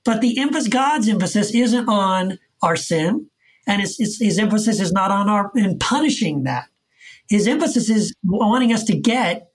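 A man's voice: high-pitched, expressive, moderate pace. Guy on a podcast interview, earnest, keeps repeating stuff to drive a point home. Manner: earnest, repetitive emphatic explaining. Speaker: author guest. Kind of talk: casual conversational interview. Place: Texas.

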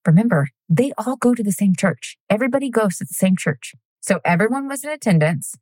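A woman's voice: medium pitch, lively intonation, brisk, a little mellow, no room sound. A woman co-hosting a podcast, telling a true crime story in a chatty, giggly way, with casual swearing and tangents. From United States.

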